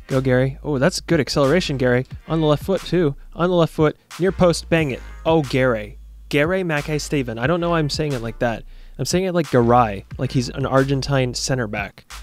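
A young man giving casual, jokey commentary over a football video game, talking straight to his viewers. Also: fairly high pitch. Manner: jokey, excitable, talks to viewers. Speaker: gaming YouTuber.

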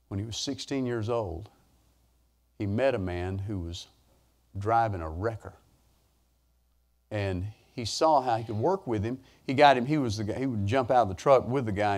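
A man preaches through homespun stories. His voice climbs high and loud, then falls back to a low, quiet telling. The storytelling stays folksy and animated throughout. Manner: animated, folksy storytelling with sudden rises in pitch and volume. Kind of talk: sermon storytelling.

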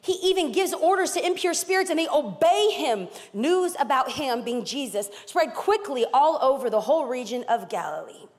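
A woman's voice: high voice, expressive, normal speed, hardly any pauses. A woman pastor from East Los Angeles preaching a sermon, emphatic and dramatic with playful asides. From East Los Angeles, California. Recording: long hall reverb.

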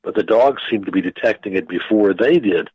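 A man, a physicist guest on a radio interview, explaining in a measured, halting way with many fillers and restarts. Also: fairly low pitch, lively intonation, husky, dry recording, lo-fi sound.

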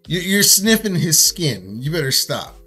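Guy with a real bright, sharp voice, joking around about leather, music faint behind. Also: on the high side, big pitch swings, measured pace, slightly rough. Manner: joking, talks to viewers directly. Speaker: leather craftsman, show co-host. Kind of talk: casual chat.

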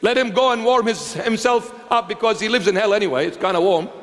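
A high-voiced bishop gives a fiery sermon quickly, his tone a bit bright. Mocking rhetorical questions hammer each point, and his words echo with long reverb through a large church hall.

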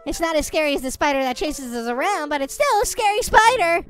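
Very high-voiced excitable woman gamer. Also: fairly quick, hardly any pauses. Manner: excitable, chatty, jumpy. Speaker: gaming channel host. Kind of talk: gameplay commentary. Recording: game music playing underneath.

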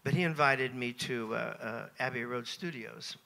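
An American man in his seventies, a guest at a Q&A on a cruise ship, telling anecdotes in a lively, self-mocking way and chuckling between phrases. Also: medium pitch, moderate pace, creaky. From United States. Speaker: interview guest. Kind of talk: anecdotal Q&A storytelling.

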